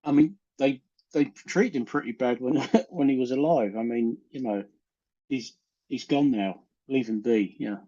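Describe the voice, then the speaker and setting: A man's voice: mid-range voice, measured pace, mellow. Rambling man on a muffled call. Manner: rambling, self-interrupting, blunt. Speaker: show host. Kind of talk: casual group chat on a live stream.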